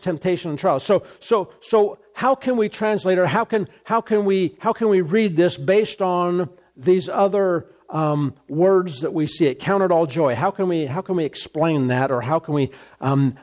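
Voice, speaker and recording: A man preaching a sermon, emphatic and repetitive, his voice rising high when he gets excited. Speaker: pastor.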